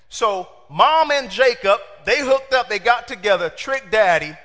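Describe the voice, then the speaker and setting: High, bright-voiced preacher in a hall. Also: male voice, normal speed, few pauses. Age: middle-aged. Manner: lively, acts out quoted voices, talks to the congregation. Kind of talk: storytelling sermon. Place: church hall. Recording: long hall reverb.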